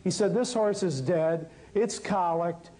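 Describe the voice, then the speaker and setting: Animated man telling a story. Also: high-pitched, a little slow, low-quality recording. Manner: animated storyteller, acts out quotes. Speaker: herbal healer telling a story. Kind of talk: storytelling talk.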